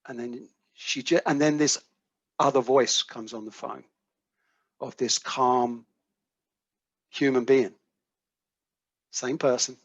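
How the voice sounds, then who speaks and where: A man's voice: medium pitch, fairly even intonation, takes it slowly, pauses often, fairly bright tone, no echo. A British man tells a personal story at a recovery workshop, acting out each voice in the dialogue and dropping the odd swear. The sound is dry and dull, like lo-fi audio from a video call. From United Kingdom. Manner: vivid storyteller who acts out quoted dialogue, swears casually. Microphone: video call microphone.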